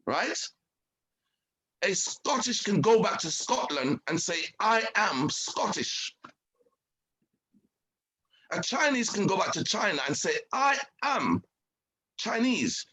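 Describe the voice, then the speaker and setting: Emphatic, preachy male host; fairly high, husky voice, heavy on rhetorical questions. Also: fairly bright tone, low-quality recording. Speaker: show host, guest speaker. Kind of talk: impassioned talk on identity and culture.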